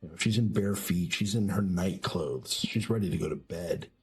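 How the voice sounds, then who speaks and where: A man narrating a tabletop game as game master, slow and descriptive with hesitant restarts. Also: low voice, darkish tone.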